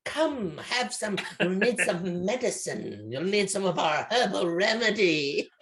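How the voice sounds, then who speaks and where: A man's voice: high voice, very animated, unhurried, fairly bright tone, pitched above the performer's own voice, heavily acted. A man with a Northern Irish accent putting on a stereotypical witchy voice for a creepy woman offering a drink. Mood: coaxing.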